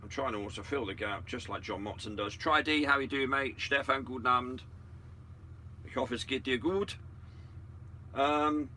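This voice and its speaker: A man's voice: mid-range voice, bright, forceful tone, a little hiss or hum. A man co-hosting a livestream in a casual, sarcastic style, greeting viewers one by one. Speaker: livestream co-host. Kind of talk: casual live chat. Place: indoors, in a vehicle.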